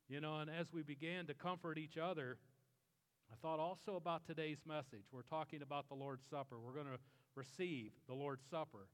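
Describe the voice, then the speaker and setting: A middle-aged male pastor preaching with an earnest, storytelling manner, slowing down for emphasis. His voice is fairly high and smooth. It carries the long reverb of a large hall. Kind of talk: sermon.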